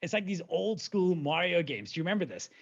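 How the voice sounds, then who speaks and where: A man in his forties giving an energetic webinar talk, animated and playful, with rhetorical questions and sound effects. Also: high voice, brisk, dull audio. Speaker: presenter.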